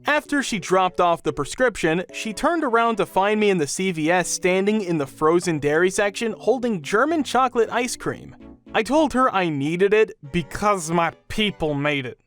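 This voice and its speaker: A man narrating a string of funny anecdotes in an even, read-aloud storytelling way. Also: high voice, moderate pace, faint music behind. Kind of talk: reading online anecdotes aloud.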